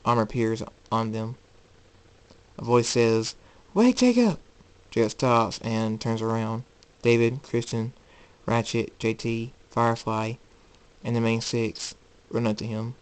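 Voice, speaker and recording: A man narrating his own fan story aloud, halting and repeating words. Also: mid-range voice, monotone, clear, resonant tone. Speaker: hobby storyteller.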